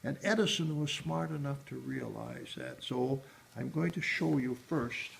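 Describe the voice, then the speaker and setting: A man leads a museum tour, rambling through the exhibits with frequent pauses and restarts. His voice has a gravelly edge at a middling pitch. The echoey room carries a faint hum of background noise. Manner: rambling, with many hesitations and restarts. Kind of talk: guided tour explanation.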